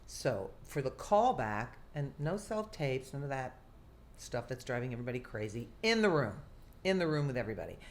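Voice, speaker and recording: An older woman, an actress telling a lively story from her career in an interview, often acting out what people said. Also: very deep voice, brisk, a little hiss or hum. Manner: animated, theatrical storyteller who acts out quotes. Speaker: guest actress.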